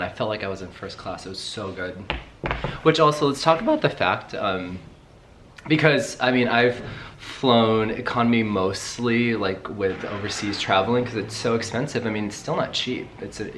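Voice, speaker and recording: A young man in casual vlog chat, rambling and excitable, swearing casually as he talks. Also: on the low side, slight background noise. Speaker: travel vlogger.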